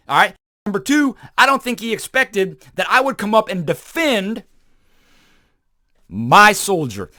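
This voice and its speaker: A man with a fairly high voice delivers a motivational monologue about his Army days, punchy and emphatic, with sudden loud bursts. He repeats words and phrases to drive his points home. The sound is dry and close, with no room around it. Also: no room sound. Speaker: podcast host and former Army sniper.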